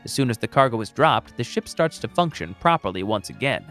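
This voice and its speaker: Lively, wry male recap narrator. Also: mid-range voice, a little fast, faint music behind. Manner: wry, joking asides.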